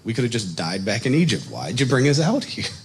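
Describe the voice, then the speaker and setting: A man's voice: very animated, fairly quick, slight background noise. A man voicing complaining Israelites in a panicky, whining tone while retelling a Bible story. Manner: complaining, panicky, rising pitch. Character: whiny grumbling wandering Israelites, panicky.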